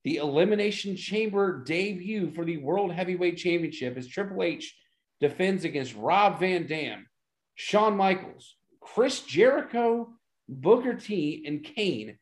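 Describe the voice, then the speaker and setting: A man's voice: high voice, lively intonation, a little slow. A man co-hosting a podcast, recapping an old wrestling event in a casual, enthusiastic way. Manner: enthusiastic, laid-back recapping. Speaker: podcast co-host. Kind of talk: casual chat reviewing wrestling.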